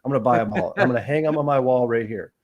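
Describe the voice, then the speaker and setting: A man co-hosting a casual sports talk podcast, giving emphatic opinions in a rapid run. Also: mid-range voice, a little mellow.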